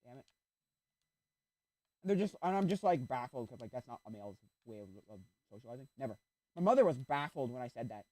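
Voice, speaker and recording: A man's voice: medium pitch, fairly quick, pauses often, dry recording. A man streaming a game, chatting casually in a rambling way and breaking off to react to play. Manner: rambling, animated, interrupts himself to react to the game. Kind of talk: casual chat while playing.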